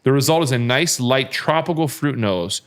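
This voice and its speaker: A man's voice: mid-range voice, expressive, normal speed. A man hosting a podcast, chatting casually in a joking, easygoing way, often rambling and restarting his sentences. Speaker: podcast host, retired quarterback. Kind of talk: casual chat. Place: bar set of a podcast.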